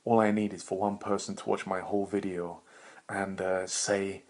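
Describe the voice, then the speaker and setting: A man's voice: sits low, flat delivery, moderate pace. A young man hosting a solo podcast, rambling in a meandering, profane, self-mocking way with bursts of laughter. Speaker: podcast host.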